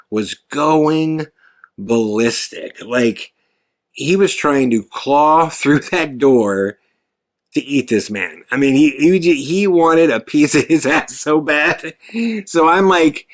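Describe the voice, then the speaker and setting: A man hosting a podcast, telling a story in a casual, animated way, swearing freely and jumping his voice up when he quotes himself. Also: mid-range voice. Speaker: podcast host and filmmaker.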